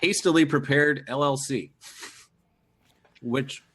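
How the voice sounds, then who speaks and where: Young male co-host, middle pitch, dry and deadpan, casual live-stream updates. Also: takes it slowly. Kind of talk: live-stream town hall chat.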